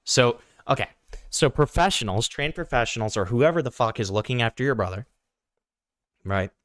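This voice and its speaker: A man's voice: mid-range voice, animated, moderate pace, fairly bright tone, no room sound, clean studio sound. A young man hosting online commentary, sarcastic and pointed, asking rhetorical questions. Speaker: commentary channel host.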